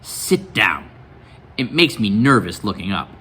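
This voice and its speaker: A man reading aloud as a menacing adult male biker gang leader, quiet and threatening. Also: fairly low pitch, very animated, unhurried, husky, pitched below the performer's own voice, full character voice.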